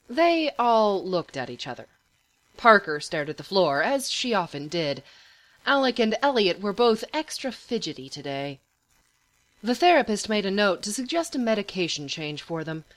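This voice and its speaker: A woman narrating a fan story as a podfic reader, expressive. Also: mid-range voice. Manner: expressive, lively reading.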